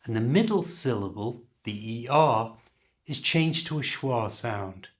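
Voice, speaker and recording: A man leads a pronunciation lesson. He speaks slowly and deliberately, with a lively, rising and falling pitch. He demonstrates each sound with care. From Liverpool, England. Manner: slow, careful, demonstrative. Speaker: English pronunciation teacher.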